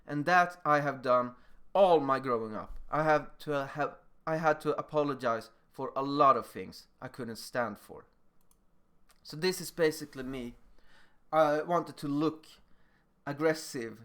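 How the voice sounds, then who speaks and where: A young man with a slightly higher voice lecturing through his own school stories. He tells them in an animated, emphatic way, punching key words and acting out scenes. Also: a little slow, clear, resonant tone. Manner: animated, emphatic, acts out moments. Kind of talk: personal storytelling lecture.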